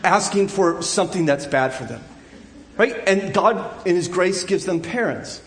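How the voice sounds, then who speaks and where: A man in his thirties preaching a sermon in a conversational way, full of asides and restarts, at times crying out loudly. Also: sits high, lively intonation, a little slow, reverberant, a little hiss or hum. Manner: conversational, frequent restarts and asides, rising to loud emotional cries. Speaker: pastor.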